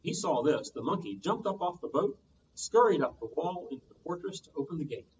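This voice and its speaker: A man, a children's librarian, reading a storytime tale aloud with lively sound effects, heard from a distance on muffled audio. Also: a little high, fairly quick, a little hiss or hum.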